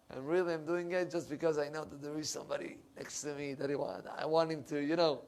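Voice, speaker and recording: In a synagogue, a middle-aged male rabbi delivers a sermon with animated emphasis, shifting between loud and soft passages. His voice sits a little high and moves a little fast.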